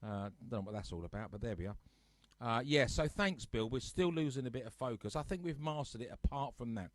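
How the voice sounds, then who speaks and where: A man hosts a casual live music stream from his sofa at home, greeting viewers by name and ribbing them good-naturedly. His voice sits at an ordinary middle pitch. The sound is dry and close, with no room echo. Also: very animated, brisk. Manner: chatty, teasing, reads out viewer comments.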